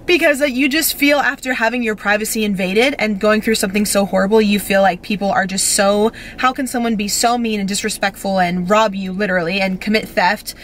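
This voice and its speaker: A woman's voice: mid-range voice, fairly even intonation, fairly quick, few pauses, slight background noise. A young woman vlogging from home, telling a story in a gushing, breathless way and close to tears, full of fillers. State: teary, on the verge of crying. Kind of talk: emotional storytime vlog.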